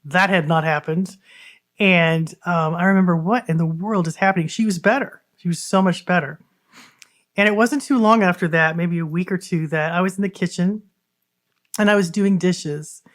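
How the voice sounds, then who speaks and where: Earnest woman with a low voice, podcast host. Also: moderate pace. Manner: earnest, conversational, addresses listeners as guys. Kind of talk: personal storytelling podcast.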